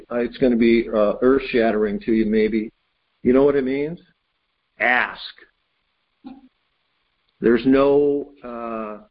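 A preacher gives a sermon, telling a homely story before reading scripture aloud. His voice is medium-pitched and slightly husky, and the recording sounds somewhat dull.

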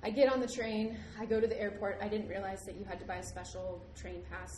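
A young woman tells a story in a lively, chatty voice. Her pitch sits in the middle range, and she laughs easily. The recording is roomy, with noise behind her. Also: fast talker. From United States. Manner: animated, laughs often, acts out the people in her story. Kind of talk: casual storytelling.

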